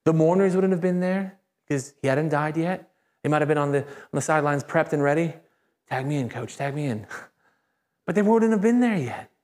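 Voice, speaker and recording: High-voiced man preaching a lively sermon. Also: normal speed. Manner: lively, conversational preaching, acting out quoted voices; asks the congregation for call-and-response. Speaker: pastor. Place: church service.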